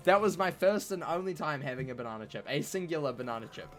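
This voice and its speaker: A man's slightly high, somewhat bright voice comes quickly over soft background music. While gaming on a live stream, he chats with viewers in a playful, rambling manner, cracking jokes and using many fillers.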